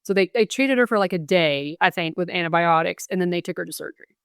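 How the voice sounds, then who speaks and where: Smooth low-voiced woman telling her story. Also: fast talker, a bit bright, dry recording, studio quality. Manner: earnest, recounts events with quoted dialogue. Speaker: guest, bereaved mother. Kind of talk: podcast interview storytelling.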